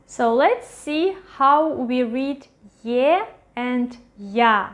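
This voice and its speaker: Woman teacher going really slow over pronunciation, bit high voice, says each word again and again. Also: expressive, soft background music. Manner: slow, repeats each word several times. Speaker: language teacher. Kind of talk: pronunciation lesson. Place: at a whiteboard with a marker.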